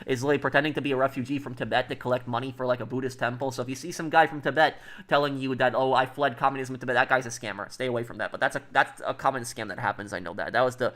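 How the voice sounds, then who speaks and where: Fast-talking rambling male streamer. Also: mid-range voice, steady tone, fairly bright tone. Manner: rambling, many fillers and restarts. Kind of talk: casual livestream chat.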